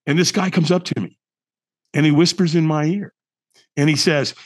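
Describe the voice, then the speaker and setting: A man's voice: on the high side, steady tone, normal speed, pauses often. A middle-aged man, a podcast guest, telling a personal story in an emphatic, dramatic way, full of rhetorical questions. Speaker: podcast guest, firewalk instructor.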